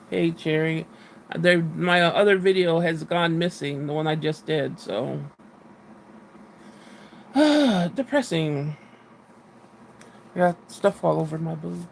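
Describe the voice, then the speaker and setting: Woman host, casual live chat, gravelly, annoyed venting, faint hiss behind. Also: deep voice. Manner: frustrated, venting, swearing. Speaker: livestream host.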